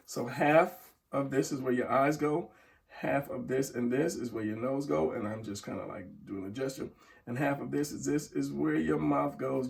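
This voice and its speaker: A middle-aged drawing instructor talks casually through a tutorial as he draws, his mid-range voice carrying vocal fry and trailing off into murmurs. The mic sounds distant.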